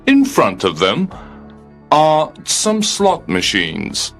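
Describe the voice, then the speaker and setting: A man voicing a calm, polite heavenly receptionist who speaks in a formal, coolly matter-of-fact way, in an audiobook reading. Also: on the high side, drawn-out words, soft background music, pitched above the performer's own voice, heavily acted.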